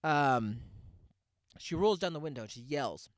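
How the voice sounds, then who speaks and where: A man's voice: on the high side, lively intonation, a little slow, no room sound, studio quality. A man hosting his podcast, telling a ranting, sarcastic comic story. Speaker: podcast host. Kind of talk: comedic podcast monologue.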